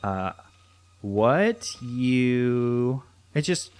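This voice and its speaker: Slow, rambling young man playing a game. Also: mid-range voice, big pitch swings. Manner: rambling, thinking aloud, frequent restarts and fillers. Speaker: let's play host. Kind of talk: casual gameplay commentary.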